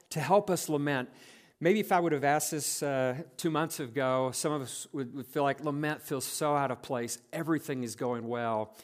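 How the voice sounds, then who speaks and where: A man preaching an earnest evening sermon as pastor, reading scripture aloud with slowed, weighty emphasis. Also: mid-range voice.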